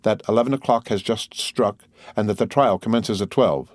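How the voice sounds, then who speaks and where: A man's voice: fairly low pitch, moderate pace, darkish tone, no room sound, clean studio sound, close to an everyday voice. A man voicing a deferential male household valet who speaks politely and dutifully.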